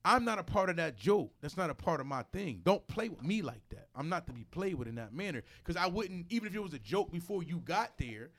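A man's voice: fairly high pitch, very animated, fairly quick, hardly any pauses, a bit bright. A man hosting a podcast who tells a story in a blunt, profane way and acts out the other people's lines. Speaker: podcast host. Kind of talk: casual chat, storytelling.

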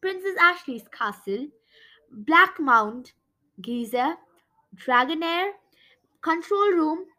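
A woman reading a children's storybook aloud, in an animated and dramatic way. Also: sits high, takes it slowly, pauses often, poor audio. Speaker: storybook reader. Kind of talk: expressive children's book narration.

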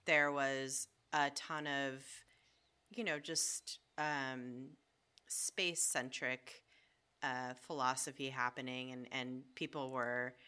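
Low-voiced laid-back woman storyteller. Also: fairly even intonation, takes it slowly, sharp tone, smooth. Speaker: podcast co-host. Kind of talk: casual chat.

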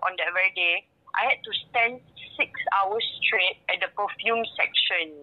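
Animated young Singaporean woman. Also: medium pitch, moderate pace, dull audio. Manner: animated, dramatic retelling with laughs. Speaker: storyteller. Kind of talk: casual chat.

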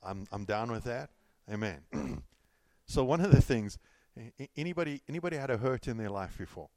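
A man's voice: medium pitch, sing-song, brisk, a little mellow, no echo. A middle-aged man preaching a sermon in a loose, conversational way, telling stories and repeating himself as he goes. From California. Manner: conversational, storytelling with self-repeats and asides. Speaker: pastor.

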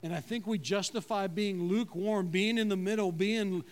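A man preaching a sermon as pastor, in a conversational way, asking the congregation questions and dropping to a low, quiet voice when he quotes God. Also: steady tone, moderate pace.

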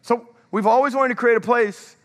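A male pastor giving an energetic sermon in a large church, drawing the congregation to answer back. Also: extremely high pitch, moderate pace, in a large hall. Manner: energetic, calls for congregation response.

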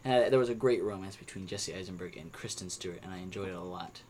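A young man talks through his movie opinions in a relaxed podcast chat, circling back with fillers and restarts. His voice sits low, with a faint hiss of background noise behind him. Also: quick pace. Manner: rambling, with frequent restarts and fillers. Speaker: podcast co-host. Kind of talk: casual movie review chat.

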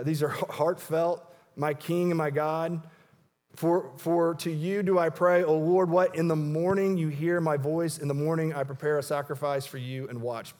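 Preaching as pastor in a church sanctuary, this man sounds fairly high-pitched and a little mellow, with big-room acoustics. He is earnest and chatty, and often restarts what he's saying.

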